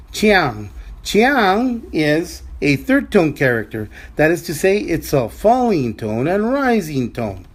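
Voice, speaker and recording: A man teaching a language lesson, speaking slowly and repeating words, with frequent restarts. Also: a little high. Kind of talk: slow spoken language lesson.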